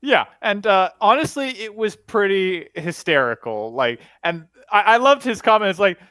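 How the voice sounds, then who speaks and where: A man with a fairly high voice giving blunt opinions in a relaxed fan chat. He is recorded dry and close, with no room sound around him. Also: normal speed, dry recording. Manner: opinionated, blunt, laughs at his own stories. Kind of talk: casual fan discussion.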